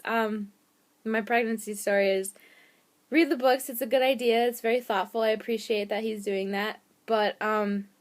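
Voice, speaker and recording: A young woman telling a personal story in a casual vlog, chatty and full of "um" and "like". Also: fairly high pitch. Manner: chatty, lots of fillers and "like". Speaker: vlogger.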